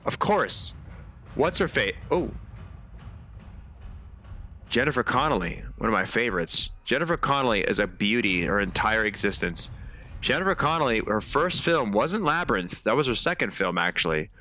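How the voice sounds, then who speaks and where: A man's voice: on the low side, very animated, moderate pace, bright, forceful tone, slight background noise. A man giving chatty live commentary on a horror game, swearing often and talking to his viewers. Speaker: game streamer.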